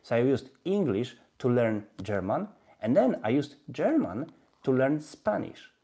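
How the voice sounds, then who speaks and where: A man with a Polish accent speaks English casually as he hosts a live stream, showing viewers how he studies. His delivery is halting, full of restarts and repeated words, and he chuckles now and then. His voice sits at an ordinary middle pitch for a man. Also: sing-song, vocal fry, mellow, husky. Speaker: language-learning livestream host.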